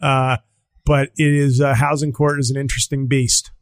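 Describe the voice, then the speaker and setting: A man's voice: mid-range voice, flat delivery, normal speed, creaky. A middle-aged man hosting a podcast in casual comedic chat, acting out quotes with shifting voices. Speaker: podcast host.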